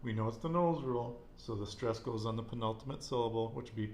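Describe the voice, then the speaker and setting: A man's voice: medium pitch, quick pace, a little mellow, reverberant, slight background noise. A man teaching a casual Spanish lesson, patiently repeating words and quizzing his student.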